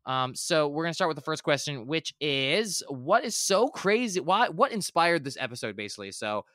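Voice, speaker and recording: A man co-hosting a gaming podcast chats casually and enthusiastically at normal speed, his fairly high, bright voice swinging widely in pitch. He rambles, often restarting and correcting himself. The studio sound is clean, with no echo.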